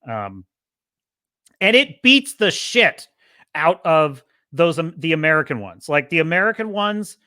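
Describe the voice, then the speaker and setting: Casting: impassioned male podcast host, bright tense tone, a bit high. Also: very animated, unhurried, no echo, studio quality. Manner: impassioned, profane ranting. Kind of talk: casual movie commentary.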